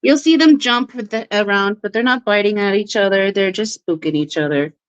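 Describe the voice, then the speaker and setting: A woman hosting a casual live stream, bubbly and quick to laugh, who baby-talks to her pets while she chats. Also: medium pitch, clear, resonant tone, no room sound. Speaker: livestream host. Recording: dry, slightly dull livestream audio.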